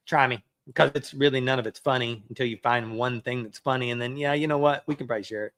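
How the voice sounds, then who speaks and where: A man's voice: medium pitch, fairly even intonation, fast, few pauses, fairly bright tone, no echo. A man preaching a sermon as a pastor, in a conversational way that acts out everyday excuses.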